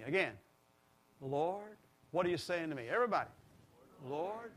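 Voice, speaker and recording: A man's voice: fairly high pitch, normal speed, slight background noise. A middle-aged man preaching a sermon, leading the congregation in call-and-response. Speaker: pastor.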